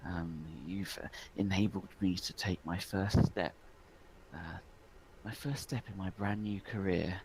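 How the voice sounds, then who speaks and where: A man voicing a scheming, condescending elf woman leader in a tabletop game, high and sugary in tone. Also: fairly even intonation, measured pace, a little mellow, slight background noise, poor audio. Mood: gloating.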